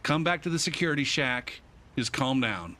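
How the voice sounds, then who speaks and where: A man voicing a calm male security boss, repeating soothing reassurances over the radio. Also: medium pitch, moderate pace. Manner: steady, soothing, repetitive reassurance.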